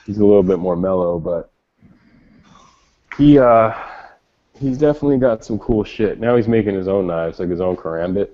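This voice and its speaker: A man co-hosts a casual podcast chat, rambling enthusiastically and swearing plenty. His voice is fairly low with a moderate pace and long pauses, and the recording has a dull, lo-fi sound.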